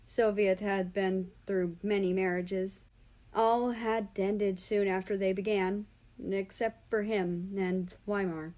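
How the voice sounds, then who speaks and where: Woman narrator for a read-aloud story; calm, steady, unhurried. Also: medium pitch. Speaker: story reader. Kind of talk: reading fan fiction aloud.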